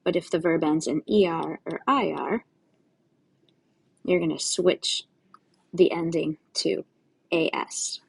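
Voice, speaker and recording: A woman's voice: deep voice, steady tone, slow, creaky, pauses often, breathy edge. A woman Spanish teacher giving a recorded lesson, explaining step by step to her students in a patient, casual way with friendly asides.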